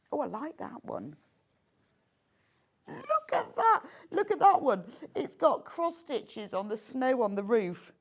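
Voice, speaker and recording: A woman presents items on a live shopping channel with gushing enthusiasm, her voice swooping high and low in eager delight. She laughs easily and keeps the pitch lively across her phrases.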